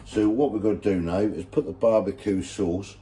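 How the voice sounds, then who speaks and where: Low warm-voiced guy doing a chill cooking vlog, loves his food. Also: normal speed. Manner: relaxed, enthusiastic about the food. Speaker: home cooking vlogger. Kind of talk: casual cooking video.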